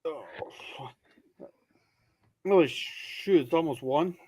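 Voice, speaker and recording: A man streaming a game, chatting casually with brief, relaxed reactions and asides. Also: fairly high pitch, slow pace, slightly rough. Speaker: streamer playing Minecraft. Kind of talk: casual chat while gaming.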